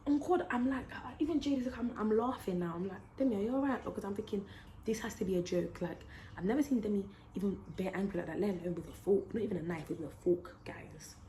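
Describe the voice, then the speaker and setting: A young woman telling a story on her vlog, slangy and animated, acting out the quotes. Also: mid-range voice, fast talker, a little hiss or hum. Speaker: YouTuber.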